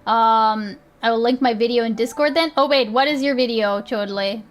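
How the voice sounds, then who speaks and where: A young woman streamer chats casually with her viewers in a live stream, rambling, laughing often and swearing easily. Her voice is fairly high and she talks at a normal speed.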